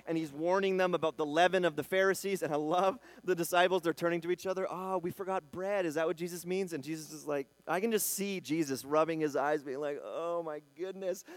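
A man's voice: a little high, no room sound. Conversational male preacher, dry sound. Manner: conversational preaching, acts out quoted voices. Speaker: pastor. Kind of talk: sermon.

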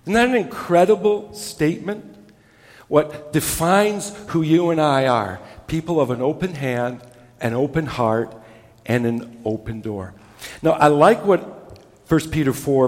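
A male pastor preaching a sermon with emphasis, dropping low and soft on key words. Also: in a large hall.

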